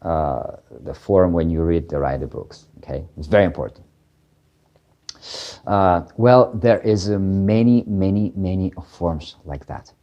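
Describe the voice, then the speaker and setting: A man explaining grammar in a casual lesson, hesitating often with fillers and restarts, then rattling off quick example phrases. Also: sits low, lo-fi sound. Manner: halting, many fillers and restarts, switching into quick Korean examples. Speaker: Korean language teacher.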